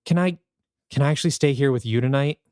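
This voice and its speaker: A sad twelve-year-old girl speaks quietly, close to tears, as a man reads her in nearly his own voice. The mic is dry and close. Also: medium pitch, fast, dry recording, natural voice. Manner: quiet, tearful. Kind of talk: podcast story reading.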